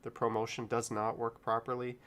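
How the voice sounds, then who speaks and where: A man's voice: medium pitch, monotone, a little fast, a bit bright. A middle-aged man hosting a casual live stream, rambling in an easygoing way and chuckling often. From Canada.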